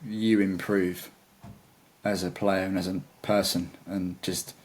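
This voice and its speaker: Guy guitarist rambling on about gear in a chat, kinda low voice, keen and loose. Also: flat delivery, slow. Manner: rambling, enthusiastic. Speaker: guitarist guest. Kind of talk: casual interview chat.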